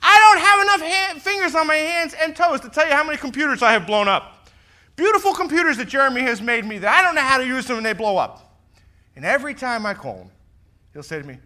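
This middle-aged pastor, who also works as a fire lieutenant, speaks in a very high, animated voice and talks fast. His sermon is full of personal stories, he acts out people's words, and his volume shifts from loud to soft.

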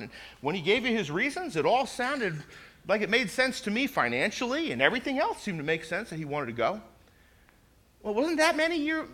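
A man preaching a sermon, telling stories with lively emphasis and often repeating his words as he goes. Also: sits high. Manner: animated storytelling, repeats words, acts out quoted voices. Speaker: pastor.

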